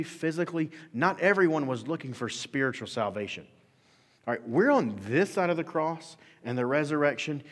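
A male pastor preaches in an animated, conversational way and often acts out the voices he quotes. His mid-range voice carries a long reverb through a large hall. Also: medium pitch. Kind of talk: sermon.

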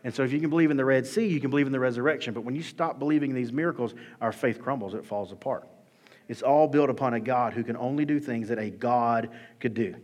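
Male pastor, lively conversational sermon delivery, mid-pitched, long hall reverb. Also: fast. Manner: animated, conversational preaching with bursts of emphasis. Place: church sanctuary.

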